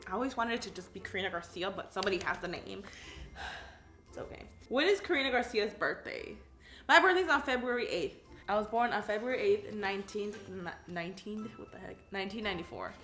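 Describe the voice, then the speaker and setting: She's a crafts YouTuber in her twenties from California, casually reading questions and answering in a chatty, bubbly style full of "like," giggling at herself. Her mid-range voice is expressive and a bit bright, and she talks fast. The room is echoey, with faint music behind her.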